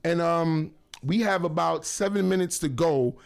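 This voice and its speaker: A man hosting a casual talk radio show, rambling and joking with lots of shout-outs and self-corrections, on a studio microphone. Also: fairly high pitch, unhurried, vocal fry.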